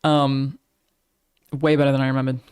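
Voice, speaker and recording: A woman's voice: very deep voice, little pitch movement, normal speed, a little mellow, clear, resonant tone. An Australian woman streamer chatting casually with her live audience, swearing freely as she talks.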